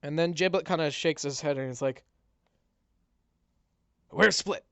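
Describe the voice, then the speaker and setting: A man's voice: on the high side, quick pace, smooth, no room sound. A man narrating a tabletop game as game master, telling the story with frequent restarts.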